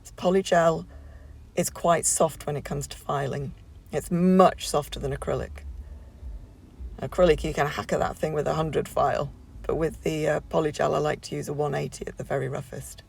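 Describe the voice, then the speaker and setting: Gravelly woman chatting through a tutorial. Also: low voice, steady tone, moderate pace, darkish tone. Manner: chatty, rambling, many fillers and restarts. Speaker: nail tutorial creator. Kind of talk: casual voiceover tutorial.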